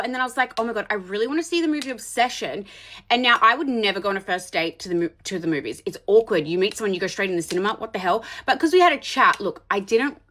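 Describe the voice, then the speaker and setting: A blunt woman in her thirties tells a first-date horror story as a casual monologue. Her voice sits a little high, and she talks in an animated way, swearing freely and reacting strongly as she goes.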